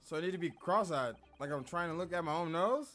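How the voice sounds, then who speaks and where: A man streaming a game, cracking crude jokes between lines of dialogue. His voice sits high and swings widely, and his delivery is casual and animated. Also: fast, faint music behind. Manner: crude, joking asides. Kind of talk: casual gaming commentary.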